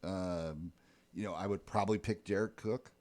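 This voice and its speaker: A man's voice: low-pitched, steady tone, normal speed, a little mellow. A man co-hosting a casual fantasy football podcast, laid-back and joking, often trailing off with ums. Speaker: podcast co-host. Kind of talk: casual chat.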